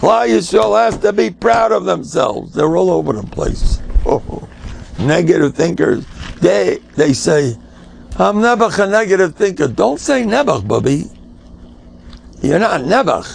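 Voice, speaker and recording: Older rabbi lecturing; raspy and fairly high, emphatic, full of jokes and Yiddish asides. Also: male voice, expressive, measured pace, darkish tone, a little hiss or hum. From United States. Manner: emphatic, joking, mixes Yiddish and Hebrew words. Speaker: rabbi giving a class. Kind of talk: informal Torah lecture.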